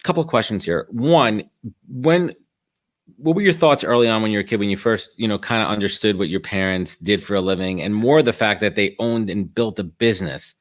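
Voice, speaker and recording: A man's voice: fairly low pitch, brisk. A man hosting a live podcast interview, chatty and enthusiastic as he asks questions. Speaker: podcast host.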